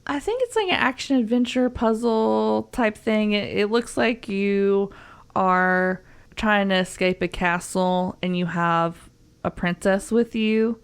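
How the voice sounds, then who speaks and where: A woman's voice: medium pitch, slow, clear, resonant tone. A young woman with a Southern US accent, chatting as a podcast co-host, rambling with fillers and frequent giggles. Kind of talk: casual podcast chat.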